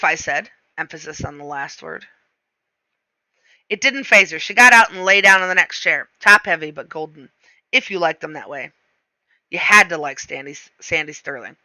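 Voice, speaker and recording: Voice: mid-range voice, lively intonation, normal speed, sharp tone, dry recording. A reader narrating a novel aloud in the first person, with a wry, self-mocking delivery.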